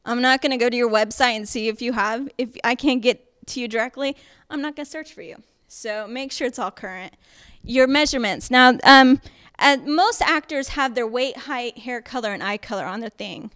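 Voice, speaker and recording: A woman's voice: on the high side, moderate pace, fairly bright tone, clean tone. A woman teaching an acting workshop, speaking emphatically and chattily with frequent fillers and check-ins with the room. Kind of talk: workshop lecture.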